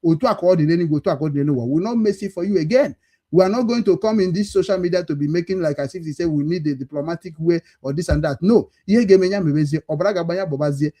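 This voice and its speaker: A man with a Nigerian Igbo accent, leader of a foundation, giving a forceful, combative monologue that switches between Igbo and English. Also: fairly high pitch, very fast. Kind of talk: impassioned monologue.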